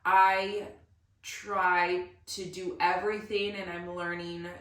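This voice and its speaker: A woman's voice: on the low side, flat delivery, slow, fairly bright tone. A woman hosting her own podcast alone, talking in an earnest, emotional, motivational way about pushing through hardship. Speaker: podcast host. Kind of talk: emotional solo podcast monologue. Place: room recorded alone. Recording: roomy echo, somewhat far from mic.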